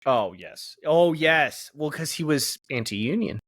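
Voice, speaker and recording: A man co-hosting a podcast in loose, swearing banter, his voice swinging widely up and down. The sound is dry and close, with no room around it. He talks in a relaxed, off-the-cuff way. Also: a little high, slow, dry recording. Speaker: podcast co-host. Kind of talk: casual banter.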